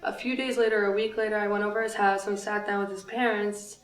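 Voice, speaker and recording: A woman tells her story as a birth mother in a documentary interview. Her delivery is flat and even. The mic is distant in an echoey room, with faint music underneath. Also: medium pitch, fast talker.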